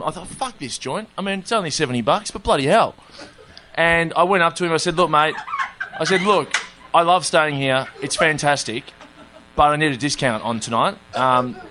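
A man's voice: on the high side, sharp tone, a little hiss or hum. A man with an Australian accent, telling a long funny story in casual chat, often laughing at his own tale. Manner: laid-back, laughing, self-mocking anecdotes. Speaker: comedian guest telling a story.

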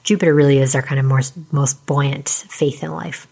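Quiet low-voiced woman explaining astrology. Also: fairly even intonation, normal speed, vocal fry. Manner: chatty, with many fillers and tag questions. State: losing her voice. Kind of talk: casual explanatory talk.

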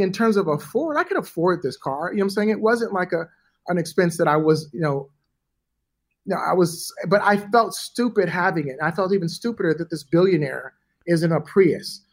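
A middle-aged man is telling a story as an interview guest, his voice a touch higher than most men's. He is animated and swears casually, and he acts out other people's lines as he goes. The delivery is relaxed and conversational. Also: moderate pace.

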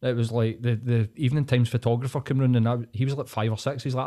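A man's voice: medium pitch, steady tone, fast, warm tone. A man hosting a podcast, talking bluntly and swearing a lot as he rants in casual chat. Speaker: podcast host.

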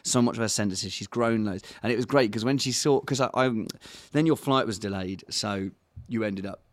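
A man's voice: fairly low pitch, normal speed, dry recording. An English man in his thirties chatting casually as a podcast co-host, rambling with fillers. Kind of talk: casual chat.

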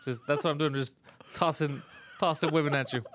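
A man's voice: fairly high pitch, steady tone, fairly quick, fairly bright tone, slight background noise. A man hosting a comedy podcast, telling a frustrating story in a profane, exasperated way with frequent laughs. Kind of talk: casual chat, storytelling.

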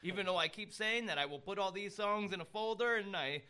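A man's voice: high-pitched, fairly quick, bright, forceful tone, clear, resonant tone. A man co-hosting a podcast in casual chat, rambling and self-deprecating, with a slight lisp. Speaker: podcast co-host.

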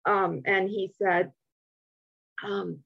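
Woman, husky voice, candid conversational storytelling, muffled lo-fi sound. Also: medium pitch, very slow. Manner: candid, animated, with many self-interruptions. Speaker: podcast guest.

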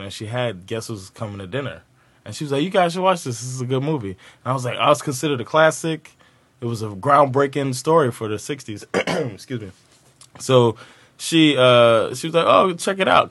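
A man hosting a podcast, telling an animated story in casual chat and laughing at his own punchlines. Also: lowish voice.

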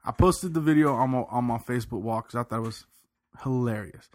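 A man co-hosting a podcast in casual chat, an animated storyteller who laughs often and repeats words as he talks. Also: mid-range voice, brisk. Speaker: podcast co-host.

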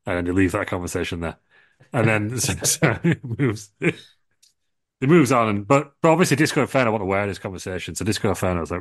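Young man, co-host, rambling comic storyteller, lowish dry voice. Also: expressive, brisk, no room sound. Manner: rambling, restarts, swearing. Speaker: podcast co-host. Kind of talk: comedic storytelling.

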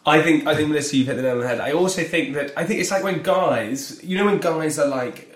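A man guesting on a podcast, chatting in a relaxed, opinionated way. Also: on the high side, quick pace, reverberant. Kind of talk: casual chat.

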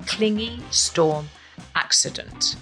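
A woman presenting a quiz show in a bright, rather low voice with a gravelly edge. She reads her script playfully, and her pitch swoops and climbs with emphasis. Soft music sits faintly underneath. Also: takes it slowly. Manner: playful, emphatic, lively delivery. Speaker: quiz host.

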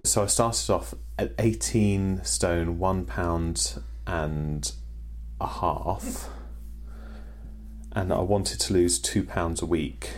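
Man, very low voice, halting home chat. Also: fairly even intonation. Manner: halting, self-mocking. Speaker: podcast host.

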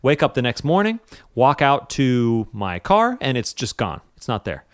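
A man's voice: mid-range voice, huge pitch swings, moderate pace, no room sound, clean studio sound. A man, a musician guest, telling a story casually and animatedly, with many fillers and some swearing.

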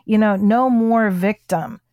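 A woman's voice: medium pitch, takes it slowly, darkish tone, smooth, dry recording, clean studio sound. A woman hosting a podcast, chatting with her co-host in an effusive, enthusiastic way. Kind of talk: casual podcast chat.

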